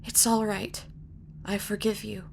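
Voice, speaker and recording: A woman putting on a shrill, bitter worn-out woman. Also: lively intonation, a little slow, a bit bright, slight background noise. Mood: tender. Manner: shrill, high and scolding. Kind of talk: audiobook character reading.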